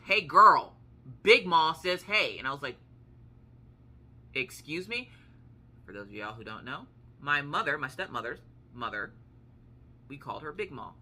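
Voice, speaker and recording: A woman's voice: low voice, bright, forceful tone. A woman in her thirties from the United States, telling a story in a casual, chatty way that acts out the quotes and swears now and then. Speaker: vlogger.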